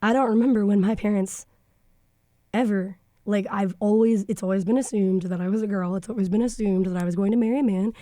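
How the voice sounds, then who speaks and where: Woman, young adult, frank, snarky, mellow tone, dry studio sound. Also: mid-range voice, fairly even intonation, a little fast, dry recording. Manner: frank and snarky, thinks aloud with fillers. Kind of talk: casual podcast discussion. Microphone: studio microphone.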